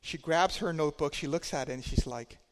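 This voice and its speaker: A man preaching a sermon, telling a personal story in a conversational way, swinging between loud and quiet. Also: a little high, a little fast, big-room sound.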